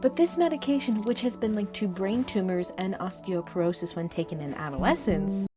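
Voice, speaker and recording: A young American vlogger talks briskly and expressively in a mid-range voice, faking a Southern lilt as she dyes her hair at home. Her on-camera chat is playful and sarcastic, and music plays underneath.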